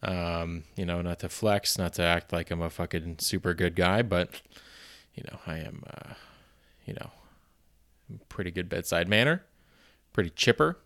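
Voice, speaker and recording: A man with a fairly low voice hosts a solo podcast in casual chat. He rambles, pokes fun at himself, swears freely and fills gaps with "you know" and "um". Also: normal speed, long pauses, a bit bright. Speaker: podcast host.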